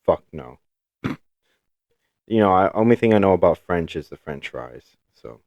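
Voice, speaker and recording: Casual podcast co-host, American man, teasing and jokey, animated pitch, dry close sound. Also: measured pace, no echo, muffled recording. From United States. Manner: joking, laughing, teasing. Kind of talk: casual chat.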